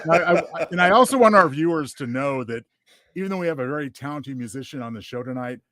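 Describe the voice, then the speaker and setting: A man's voice: fairly high pitch, animated, fast, sharp tone, dry recording. Male co-host, dry teasing delivery, close dry sound. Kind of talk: casual chat.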